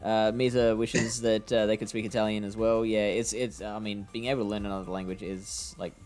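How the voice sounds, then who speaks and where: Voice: mid-range voice, flat delivery, a little fast, a little mellow, faint music behind. A stream host chatting casually, laughing often and talking with a lot of fillers. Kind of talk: casual chat on a game stream.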